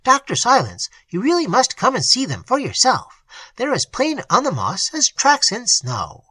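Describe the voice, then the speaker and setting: An eager young man bursting with excitement, as a narrator puts him on. The voice is raised and bright, with a slightly breathy edge, recorded dry and close. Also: medium pitch, moderate pace, dry recording, voice pushed up, exaggerated voice. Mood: excited.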